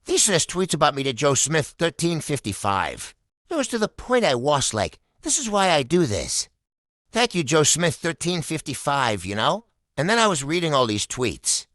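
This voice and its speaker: A man's voice: a little high, big pitch swings, normal speed, a bit bright, no echo, clean studio sound. A man doing stand-up, telling a crude, profane story and acting out the people in it. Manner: crude, profane, story told with act-outs. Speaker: stand-up comedian.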